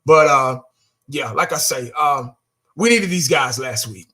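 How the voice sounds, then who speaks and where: A man's voice: medium pitch, a little slow, sharp tone. A man giving a casual, blunt fan rant, exasperated, repeating himself and cursing now and then. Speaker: fan vlogger.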